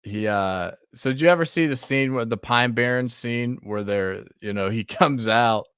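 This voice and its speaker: A male podcast host in easygoing chat, laughing often and cursing freely. His voice sits in an ordinary middle pitch and comes across smooth and clear. The recording is close and dry, with almost no room sound. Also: normal speed, a bit bright, no room sound. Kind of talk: casual chat.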